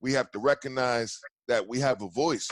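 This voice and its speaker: A man's voice: mid-range voice, normal speed, no echo. A fired-up male podcast host, stumbling over restarts as he rants and swears. His voice sits mid-range and sounds close and dry, with no room around it. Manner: heated, profane ranting with many restarts. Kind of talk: casual podcast chat.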